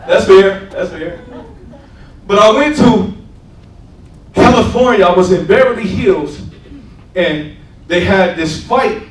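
A man's voice: high-pitched, slow pace, pauses often, reverberant, far from the mic, a faint crowd, low-quality recording. A man preaching a sermon and telling his testimony, with conversational asides, often checking in with "right?". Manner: call-and-response asides, repeats "right?". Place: church sanctuary.

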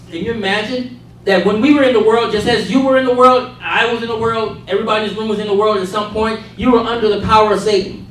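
A man's voice: high-pitched, fairly bright tone. A man preaching a sermon to a congregation, calling for responses and telling humorous stories. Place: church room with a congregation. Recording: very echoey room, mic far off.

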